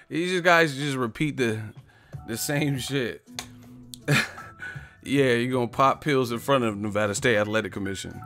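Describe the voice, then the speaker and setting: A man hosting a boxing live stream, ranting casually and loudly, swearing, mocking and laughing often as he reads the chat. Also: medium pitch, unhurried, long pauses, soft background music.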